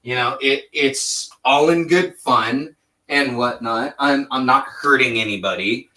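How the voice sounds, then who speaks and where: Bright-voiced man chatting with many restarts. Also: mid-range voice, measured pace, a little hiss or hum. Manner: rambling, laughing, frequent fillers and restarts. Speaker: vlog host and voice impressionist. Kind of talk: casual chat.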